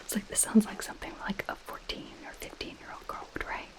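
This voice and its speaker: A woman's voice: a little fast, rough recording. A woman in a whispered role-play as a possessive goth girl friend, reading a book aloud and mocking it with dry sarcasm. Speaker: ASMR creator.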